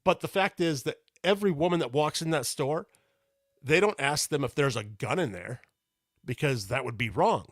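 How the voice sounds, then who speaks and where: A middle-aged man co-hosting a podcast, telling an animated story and ranting with exasperation. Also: on the high side, moderate pace, no echo, studio quality. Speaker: podcast co-host. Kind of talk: casual podcast chat.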